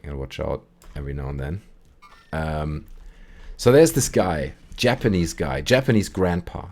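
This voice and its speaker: Deep-voiced man rambling on a stream. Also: moderate pace. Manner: rambling, animated storytelling with put-on quote voices. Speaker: streamer and call-in show host. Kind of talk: casual gaming stream chat.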